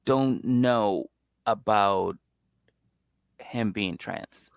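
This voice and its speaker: A man's voice: on the low side, very slow, creaky, smooth, no echo, clean studio sound. A man co-hosting a podcast, recapping a reality show in casual chat, swearing, laughing and acting out the people he quotes. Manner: animated storyteller who acts out people's quotes, swears, laughs a lot. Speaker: podcast co-host.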